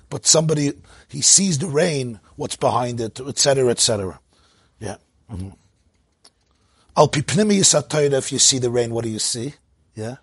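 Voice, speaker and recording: A man's voice: mid-range voice, moderate pace, pauses often, no room sound. A man teaching an informal Torah talk at a gathering, telling stories, laughing often and mixing in Hebrew and Yiddish terms. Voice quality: husky. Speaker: rabbi teaching.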